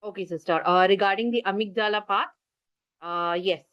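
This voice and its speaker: In muffled, lo-fi video call audio with no echo, a parenting workshop speaker with an Indian English accent talks fairly quickly at medium pitch. She teaches an online parenting class, using gestures as she explains and asking listeners to type in the chat.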